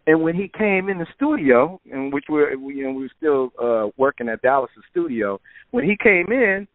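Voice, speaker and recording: A man guest telling relaxed stories about making records, filling his talk with "man" and "you know". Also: fairly high pitch, moderate pace, no echo. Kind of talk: casual interview storytelling. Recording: phone-like narrow sound.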